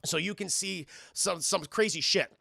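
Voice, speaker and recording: A blasé, irreverent exorcist, played by a man, who talks in an offhand, dismissive way. The voice is gravelly and forceful. It is recorded dry and close. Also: high voice, moderate pace, dry recording, exaggerated voice.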